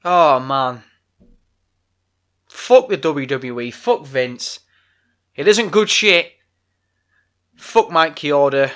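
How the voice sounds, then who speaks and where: Podcast guy going off, angry and sweary, kinda high pitched. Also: animated, very slow, pauses often, fairly bright tone. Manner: angry, sweary, blunt ranting. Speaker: podcast host. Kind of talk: solo wrestling podcast rant.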